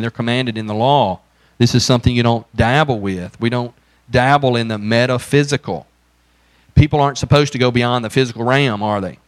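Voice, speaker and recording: A man's voice: medium pitch, no room sound. A man teaching through a Bible passage, reading scripture aloud and then explaining it in a conversational way, with frequent rhetorical questions. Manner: paraphrases Samuel with rising intensity.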